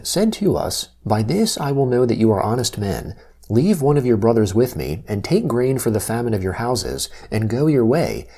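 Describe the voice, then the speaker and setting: A man giving a steady, expressive scripture reading. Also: fairly low pitch, breathy edge. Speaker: scripture reader.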